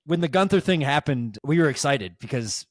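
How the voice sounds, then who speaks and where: A man's voice: mid-range voice, expressive, brisk, dry recording, clean studio sound. A man chatting on a podcast, telling a long story in a rambling way with many restarts and fillers. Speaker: podcast guest. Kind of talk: casual podcast chat.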